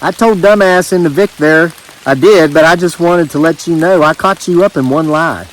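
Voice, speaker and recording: A man voicing a blunt, gruff male law officer with an Appalachian accent and a drawling manner. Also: fairly high pitch, moderate pace, lightly acted, rough recording. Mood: matter-of-fact.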